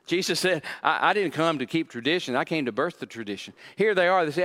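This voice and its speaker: A man's voice: a little high, lively intonation, fast talker, few pauses, a bit bright. A man, a pastor, preaching a sermon and acting out the voices of the people he quotes.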